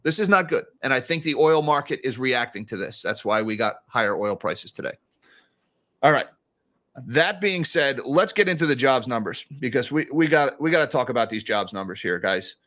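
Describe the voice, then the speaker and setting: A man's voice: mid-range voice, expressive, moderate pace, fairly bright tone. A man hosting a casual livestream of market commentary, chatty and given to sarcastic asides. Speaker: financial commentary host.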